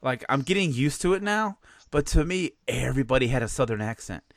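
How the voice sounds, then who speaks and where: A man's voice: mid-range voice, animated, fairly quick, dry recording, clean studio sound. A man in his late thirties with a Chicago accent, co-hosting a podcast in rambling casual chat, often stopping to restart and laugh. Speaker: podcast co-host.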